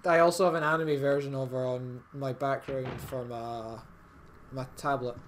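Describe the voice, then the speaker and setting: A man's voice: mid-range voice, fairly even intonation, moderate pace, slight background noise. Laid-back young man narrating a game. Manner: laid-back, laughs easily, explains the game. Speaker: let's play co-host. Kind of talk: casual gaming chat.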